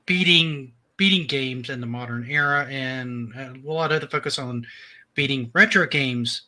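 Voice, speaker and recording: A man's voice: mid-range voice, normal speed, bright, forceful tone. A man hosting a casual live-stream chat, friendly and chatty, laughing often. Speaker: podcast host.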